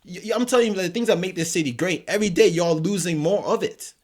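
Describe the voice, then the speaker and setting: A man's voice: high voice, quick pace, darkish tone. A man co-hosting a podcast who keeps cutting in and insisting on his turn to make his points in a casual debate. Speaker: podcast co-host. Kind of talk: casual debate over drinks.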